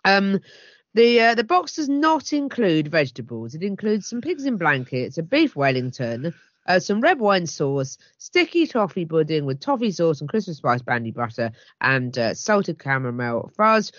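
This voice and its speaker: A woman co-hosting a podcast, chatting in a wry, lively way. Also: on the low side, normal speed, no echo. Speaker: podcast co-host. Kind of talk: casual chat. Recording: dull lo-fi dry recording.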